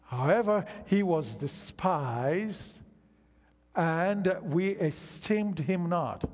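Older preacher slow in a big echoing hall. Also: male voice, high-pitched, expressive, a little mellow. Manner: slow, emphatic preaching with long pauses. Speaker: pastor. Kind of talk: sermon. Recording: long reverb of a large hall.

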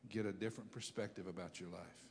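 Male pastor, impassioned sermon delivery, swings loud to low, reverberant church hall. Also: steady tone, quick pace, slight background noise. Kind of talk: sermon with prayer.

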